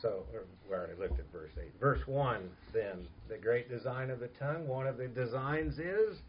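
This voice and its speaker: A man's voice: mid-range voice, normal speed, a little hiss or hum. Earnest male preacher, muffled recording. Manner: earnest, emphatic preaching with soft asides. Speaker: pastor. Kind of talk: sermon.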